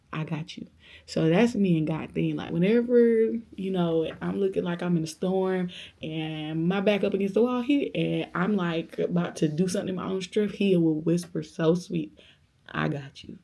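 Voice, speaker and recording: Young woman vlogger, lower register, a bit of fry, casual animated storytelling. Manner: animated storyteller, acts out quoted voices; faith-filled, speaks of God, conversational. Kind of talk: storytime vlog, casual chat.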